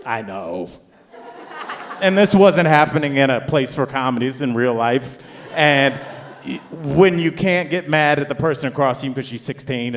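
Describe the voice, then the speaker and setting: A man in his forties doing a stand-up set, telling a rambling family story with restarts and climbing into loud, high rants. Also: a little hiss or hum. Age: 40s. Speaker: stand-up comedian. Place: comedy club stage. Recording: long hall reverb.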